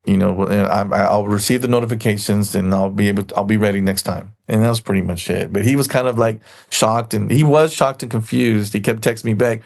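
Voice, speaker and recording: Gravelly, rambling man telling a story. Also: fairly low pitch, a little mellow. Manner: rambling storyteller, acts out quoted people. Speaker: podcast guest. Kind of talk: casual podcast chat.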